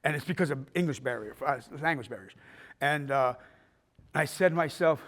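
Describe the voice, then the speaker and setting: Older man, filmmaker talk, storytelling, swears freely, acts out voices, fairly high voice. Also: quick pace. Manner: animated, profane, acts out scenes in voices. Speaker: filmmaker giving a festival talk.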